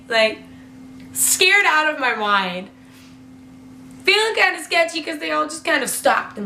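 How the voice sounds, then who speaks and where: A young woman tells a story to camera in a chatty vlog style, peppering her sentences with "like" and casual swearing. Her voice is bright and sits a little high. The room echoes noticeably, with a faint hum underneath. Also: expressive, unhurried, pauses often. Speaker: vlogger. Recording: roomy echo with faint hum.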